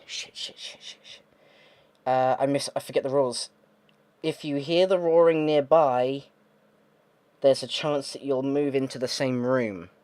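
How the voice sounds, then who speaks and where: Male let's-play host reading game text, mid-pitched, cursing asides, thinking aloud. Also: clean tone. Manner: swears often, mutters frustrated asides; thinks aloud, reads text then reacts. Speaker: gaming video host.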